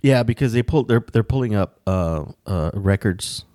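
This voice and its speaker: A man's voice: fairly low pitch, expressive, moderate pace, mellow, no room sound, studio quality. A man in casual conversation, rambling with frequent restarts and casual swearing. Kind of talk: casual chat.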